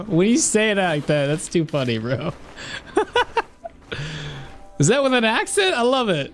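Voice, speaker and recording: This gameplay streamer has a high, sing-song, rather bright voice and talks slowly with long pauses. He casually comments on his game, voicing his thoughts as he plays and laughing at chat messages, over slight background noise.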